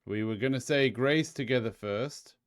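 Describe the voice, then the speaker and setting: A man's voice: mid-range voice, moderate pace. A man playing a tabletop game, speaking hesitantly with many fillers and restarts. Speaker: player.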